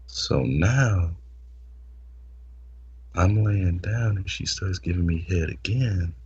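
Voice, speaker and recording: A man's voice: low voice, slow pace, darkish tone, slightly rough, muffled recording. A man hosting a podcast, telling a blunt, explicit story in casual talk and stammering over repeated words. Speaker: podcast host.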